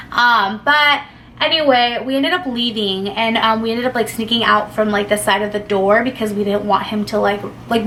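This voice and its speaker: Chatty young woman, fairly high voice. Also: fairly bright tone, slight background noise. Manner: rambling, filler-heavy, swears casually. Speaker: vlogger. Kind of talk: casual storytime.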